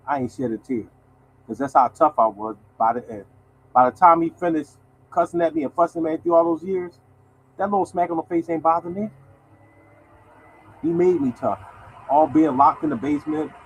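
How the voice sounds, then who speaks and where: A man's voice: on the high side, slight background noise, rough recording. A man in his sixties hosting a lottery show, talking bluntly and swearing, speaking. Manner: animated, blunt, swearing, addresses audience as y'all. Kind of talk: casual monologue to viewers.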